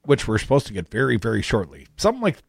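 A man's voice: medium pitch, wildly swooping pitch, very fast, vocal fry, husky, no room sound, studio quality. A man co-hosting a political talk radio show, reading news aloud with emphasis.

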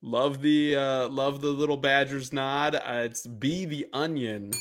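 A man who is a guest contestant on a quiz, talking in a relaxed, easygoing and slightly self-deprecating way. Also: mid-range voice, measured pace. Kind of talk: casual chat.

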